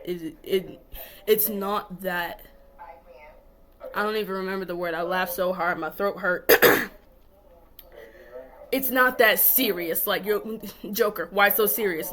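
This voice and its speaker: A woman's voice: medium pitch, fairly bright tone. A young woman, talking to camera in a casual rant, mocking and then lecturing firmly. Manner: laughs hard and mocks, then lectures firmly. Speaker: vlogger.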